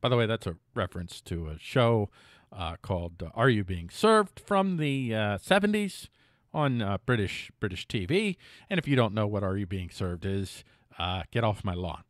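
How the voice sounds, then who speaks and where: A man's voice: on the low side, animated, normal speed, no room sound. A middle-aged man hosts a casual news commentary show, his voice swinging widely up and down as he reads headlines. He keeps cutting in with jokey, self-mocking asides, stumbling and restarting now and then. The sound is close and dry, with no room around it.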